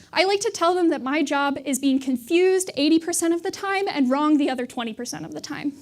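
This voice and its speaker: Earnest high-voiced young woman speaker. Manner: earnest, reflective. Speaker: graduate student presenter. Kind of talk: TED-style talk.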